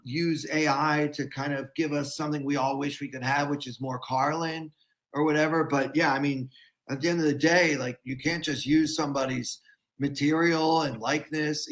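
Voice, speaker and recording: A man, a comedian guest, talks on a casual podcast. His voice sits a little high, and he explains things thoughtfully at a measured pace. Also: steady tone.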